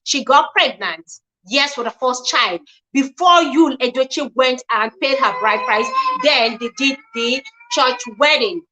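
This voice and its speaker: A woman's voice: high voice, measured pace, sharp tone, a little hiss or hum, poor audio. A woman hosting a chatty livestream, reading posts aloud, commenting on them and greeting viewers by name. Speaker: livestream host.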